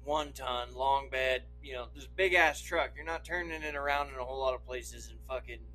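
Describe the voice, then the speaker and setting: A man's voice: mid-range voice, moderate pace, pushed and bright, soft background music, low-quality recording. A man from Idaho telling a long story on a podcast, swearing often and laughing as he goes. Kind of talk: casual anecdote telling.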